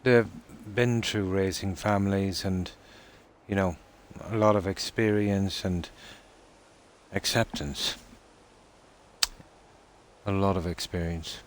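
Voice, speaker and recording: An Irish man chatting casually on a live stream, reading out and answering viewer comments in a relaxed, talkative way. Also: sits low, takes it slowly, pauses often. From Ireland.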